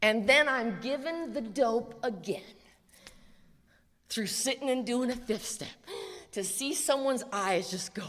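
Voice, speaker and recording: An American woman from the USA gives a live recovery talk in a large convention hall, and the recording is echoey. Her fairly high, slightly bright voice moves at a measured pace while she speaks bluntly, profanely and emphatically.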